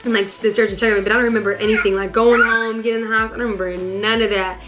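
A woman's voice: medium pitch, level tone, very fast, over loud music. A woman vlogging casually at home, chatty and rambling, full of fillers as she talks to her viewers. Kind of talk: casual vlog chat to viewers.

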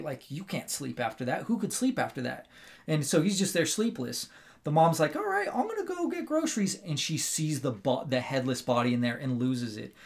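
A man on a casual podcast, retelling a film in an animated, rambling way, full of "like" and "right?". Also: on the high side. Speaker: podcast co-host.

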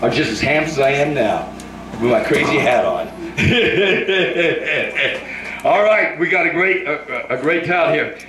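An older man preaching at a revival, leading a crowd in shouted call-and-response prayer. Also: fairly high pitch, very animated, slow pace, reverberant, low-quality recording.

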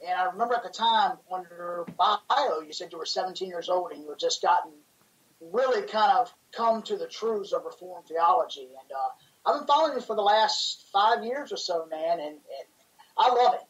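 Enthusiastic rambling host, a bit far off. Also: male voice, high voice, lively intonation, moderate pace, a bit bright, muffled recording. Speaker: podcast co-host, pastor. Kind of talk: casual interview chat.

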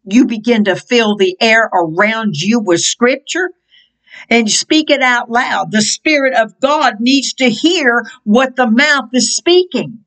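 A middle-aged woman preaching a fervent prophetic sermon, quoting scripture in a slow, impassioned cadence. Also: fairly high pitch, poor audio.

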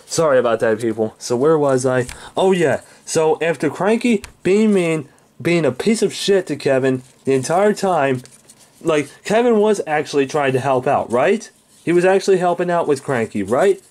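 A man's voice: fairly high pitch, lively intonation, moderate pace, a little mellow. A man reviewing a cartoon episode in an angry, exasperated rant full of swearing. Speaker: show reviewer.

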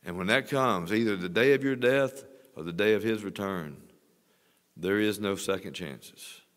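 Older preacher guy, 60s, lowish voice, earnest sermon, church hall echo. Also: moderate pace. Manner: earnest preaching, swelling louder on exhortations. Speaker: pastor. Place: church sanctuary. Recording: long church reverb.

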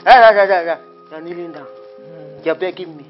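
A woman's voice: lowish voice, brisk, natural voice. An actress playing a defiant wife with a Nigerian accent who mocks her begging husband. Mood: mocking. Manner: mocking, taunting. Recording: dull film audio with music.

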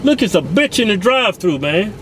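A man's voice: high voice, very animated, fairly quick, a bit bright, slight background noise, low-quality recording. A middle-aged man co-hosting, ordering food and trading curses and banter in a car at a drive-thru. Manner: profane and scolding. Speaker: co-host.

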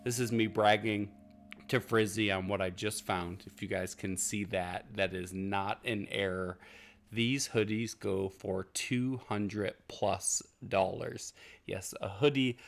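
A man's voice: on the low side, steady tone, slow, vocal fry. A man co-hosting a casual thrift haul vlog, upbeat and bragging about his finds, in a hotel room. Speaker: vlog co-host, thrift reseller.

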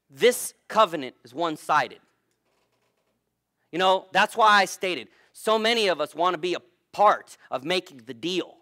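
A male pastor preaching a sermon, telling jokes and swinging his voice from loud to a near whisper. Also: a little high, no room sound, clean studio sound. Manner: playful jokes to keep listeners awake.

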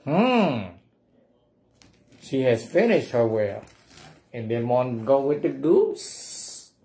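A man's voice: medium pitch, very animated, slow, warm tone. A man reading a picture book aloud at a library storytime, playfully coaxing the children to say the refrain along with him.

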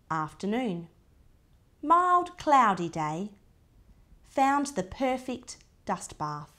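A woman reading a picture book aloud to a child, in short diary entries with soft asides pointing things out. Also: mid-range voice, very animated, slow pace.

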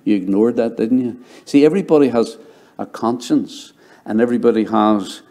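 Mellow-voiced male pastor telling his testimony. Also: mid-range voice, normal speed. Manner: storytelling, drops to a hushed voice for quoted dialogue. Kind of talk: sermon with personal testimony.

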